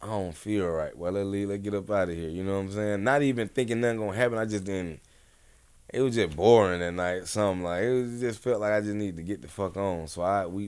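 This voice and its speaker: A man's voice: deep voice, a little mellow, smooth. A man, a rapper guest on a casual podcast interview, telling stories in a laid-back, slangy, rambling way. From Atlanta, USA.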